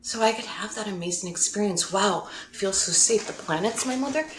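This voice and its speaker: Speaking a little fast in a mid-range voice, a mindfulness facilitator guests on a podcast and openly, emotionally shares a personal story. She laughs often and corrects herself; the recording has a noisy background and roomy echo.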